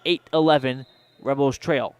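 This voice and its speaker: A man calling a volleyball match as play-by-play announcer on local radio, reading rapid action with sponsor mentions. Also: mid-range voice, steady tone, a little mellow, clean tone, dry recording. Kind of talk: local radio sports commentary.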